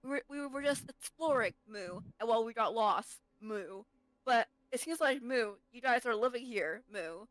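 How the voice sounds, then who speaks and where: A woman voicing a lost, confused druid who has been turned into a cow, speaking slowly and mooing between her phrases. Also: fairly high pitch, expressive, fairly bright tone, dry recording, rough recording. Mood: lost, pleading. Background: tavern music.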